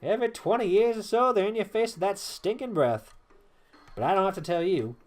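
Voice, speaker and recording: A man's voice: high-pitched, animated, fairly quick, pitched above the performer's own voice. A man putting on a folksy old Southern weapon master. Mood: boastful. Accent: Southern US, put on. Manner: folksy, grumbling, calls the hero lad. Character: old gruff male weapon master, boastful, talkative.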